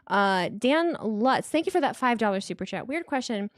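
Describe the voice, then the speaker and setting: A woman's voice: fairly high pitch, lively intonation, moderate pace, no echo, clean studio sound. A woman hosting a live wrestling watch party, reading super chats and apologizing a lot, tripping over her words and swearing casually.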